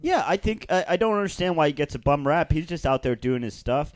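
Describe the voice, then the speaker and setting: A man co-hosting a crude comedy podcast, joking in a deadpan, mock-formal way. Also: a little high, fairly quick, no echo. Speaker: podcast co-host.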